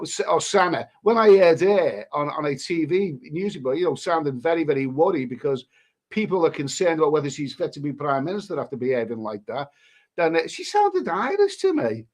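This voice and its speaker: A man, hosting a live stream and rambling through crude commentary with many restarts. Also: fairly high pitch. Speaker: livestream host.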